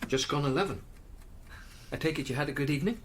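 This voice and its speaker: An actor playing a gentle, worried middle-aged father. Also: on the high side, fast, slight background noise, natural voice. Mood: coaxing. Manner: soft, coaxing. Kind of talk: audio drama acting.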